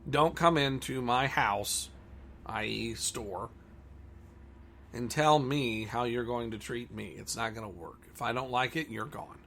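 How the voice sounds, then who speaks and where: A man's voice: medium pitch, unhurried, fairly bright tone, slight background noise. A man who owns a comic store, talking bluntly and combatively in a ranting monologue.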